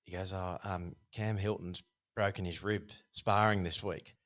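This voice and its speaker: A man, a guest telling a casual, animated story about his boxing past with many fillers. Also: deep voice, measured pace. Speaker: podcast guest, former Thai boxer.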